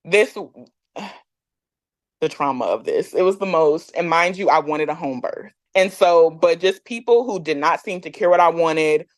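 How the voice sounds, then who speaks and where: A woman guest on a podcast telling a personal story in a candid, animated way, often laughing and using fillers. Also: on the low side, a little slow, dry recording. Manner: candid, animated, acts out others' lines; frequent fillers, laughs between lines.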